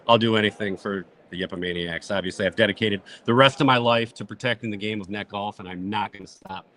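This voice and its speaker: A man guesting on a podcast at a trade show, joking with mock bravado in a deadpan way. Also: lowish voice, fast. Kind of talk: casual podcast banter. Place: busy trade show floor.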